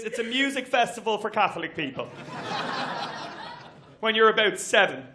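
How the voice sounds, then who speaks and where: An Irish man doing a stand-up set on a comedy stage. He talks briskly and chattily and works the crowd with asides. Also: very high-pitched, pushed and bright. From Ireland. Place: comedy venue stage with audience.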